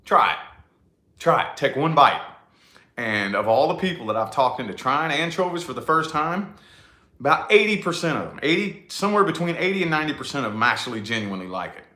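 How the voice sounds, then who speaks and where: Casting: chatty man, thirties, bright lively voice, rambling and cussing, echoey room. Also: fairly high pitch. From New Albany, Indiana, USA. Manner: rambling and profane, drawn-out words. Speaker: vlogger chatting to a live audience. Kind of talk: casual live chat.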